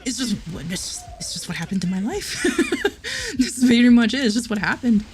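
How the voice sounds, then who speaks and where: A woman's voice: on the high side, sing-song, brisk. A woman livestreamer chatting casually with her chat, giggling often and restarting her sentences.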